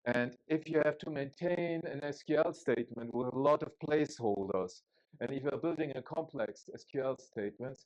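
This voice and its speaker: A man's voice: mid-range voice, moderate pace, darkish tone, lo-fi sound. A man from Germany with a German accent, giving a chatty, joking technical talk at a conference, with frequent fillers and restarts. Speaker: conference speaker.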